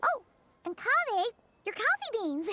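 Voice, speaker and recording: A tiny, excitable fairy companion girl chirps along in a very high, bouncy voice that leaps all over the place. She sounds sing-song and eager, forever jumping between notes. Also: unhurried, heavy background noise, exaggerated voice. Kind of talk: game voice acting.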